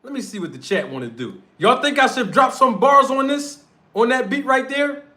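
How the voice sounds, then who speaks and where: At normal speed and in street slang, a streamer and show host with a North Philadelphia accent rants confrontationally on his livestream. His very high male voice is animated, pushed, and bright.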